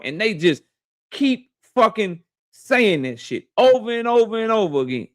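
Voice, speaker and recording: A high-pitched man, hosting a live boxing talk stream. He rants at his viewers in a heated, profane and mocking way. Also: big pitch swings, moderate pace, a bit bright. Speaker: boxing talk show host.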